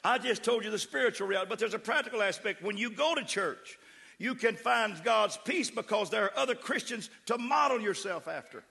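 Preaching fervently and emphatically to his church, with call-outs to the congregation, a middle-aged pastor with a West Texas accent speaks a little fast. His voice sits high and is expressive, bright, forceful and husky, with vocal fry. It's recorded in an echoey church sanctuary.

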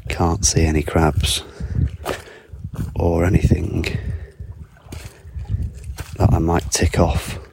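Low, gravelly man rambling outdoors. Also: completely flat delivery, slow, pauses often, a little mellow, low-quality recording. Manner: rambling, chatty, self-mocking. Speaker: podcaster. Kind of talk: casual walking podcast monologue. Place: outdoors on a foggy island beach. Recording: outdoor water noise. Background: lapping water.

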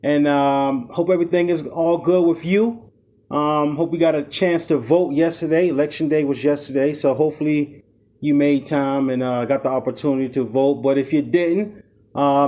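A man's voice: on the high side, warm tone. A man hosting his own fantasy sports talk show, speaking casually and venting about losses, with many fillers and "okay?" checks. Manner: frustrated, repetitive "okay?" and "you know" fillers. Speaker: podcast host.

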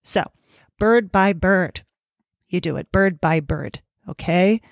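Playful chatty woman coach doing little voices for her thoughts, lowish pitch. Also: slow, creaky, no room sound, clean studio sound. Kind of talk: casual podcast talk.

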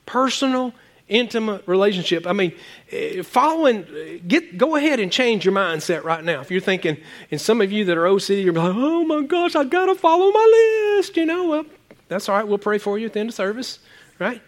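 A high-voiced male pastor delivers a lively sermon. He teases his listeners in a casual way and climbs to excited, emphatic peaks. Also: brisk. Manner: casual and joking with the congregation.

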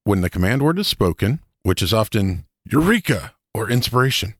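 Man, deep pitch, dry sound, easygoing podcast co-host explaining things. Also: big pitch swings, moderate pace, fairly bright tone, no room sound. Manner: explains ideas step by step, easygoing. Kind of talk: casual podcast banter.

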